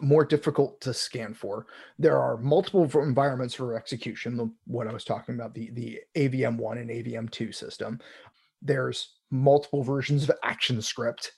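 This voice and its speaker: Husky man chatting about tech. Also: medium pitch, a little mellow. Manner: rambling, frequent restarts and fillers. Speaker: podcast host. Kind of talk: casual tech chat.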